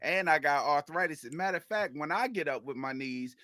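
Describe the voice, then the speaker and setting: A man's voice: on the high side, expressive, brisk, bright, forceful tone, dry recording, clean studio sound. A man co-hosting a casual sports podcast, joking around and roasting his co-host.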